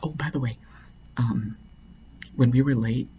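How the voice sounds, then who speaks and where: A man's voice: medium pitch, a little slow, warm tone, lo-fi sound, slight background noise. A man casually telling a long, rambling story, full of "like" and restarts. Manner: rambling, heavy use of "like".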